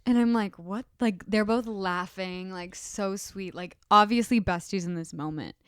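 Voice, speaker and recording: A woman's voice: medium pitch, moderate pace, a bit bright, clean tone, no echo, clean studio sound. A young woman co-hosting a podcast in casual chat, adding details and correcting the other teller. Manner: chatty, adds detail, cuts in to correct. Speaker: podcast co-host.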